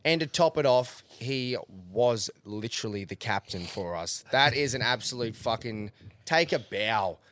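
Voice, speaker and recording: Co-host, mid-pitched, blunt and emphatic, dry booth sound. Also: male voice, lively intonation, unhurried, fairly bright tone, dry recording. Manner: emphatic, sweary. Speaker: podcast co-host. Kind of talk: casual sports banter.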